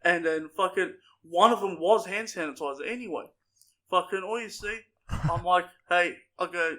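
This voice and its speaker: A man's voice: high-pitched, normal speed, bright, forceful tone. A young man co-hosting a podcast, telling crude, profanity-heavy stories with a lot of laughing. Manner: swearing, rowdy, laughing storyteller. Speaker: podcast co-host. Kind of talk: casual storytelling chat.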